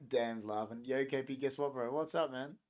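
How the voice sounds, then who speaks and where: A young adult man hosts a casual livestream, rambling and joking as he responds to viewers' chat comments. His mid-range voice is a little mellow and moves at a moderate pace.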